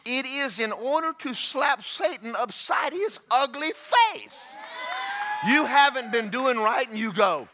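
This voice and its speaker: A man preaching a sermon in an animated way, shouting, laughing and putting on mocking voices. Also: very high-pitched, measured pace, noisy background.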